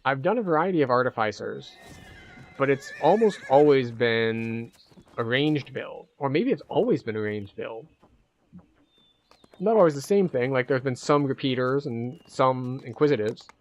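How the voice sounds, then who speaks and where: A man's voice: medium pitch, lively intonation, moderate pace, highs cut off. A man giving chatty, casual commentary over his own gameplay. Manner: chatty, self-deprecating play-by-play. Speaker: gaming streamer.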